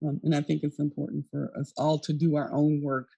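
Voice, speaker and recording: Halting woman giving a conference talk. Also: sits low, flat delivery, vocal fry, warm tone, breathy edge, dry recording, highs cut off. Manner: earnest, halting, frequent ums and restarts. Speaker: neuroscience lecturer.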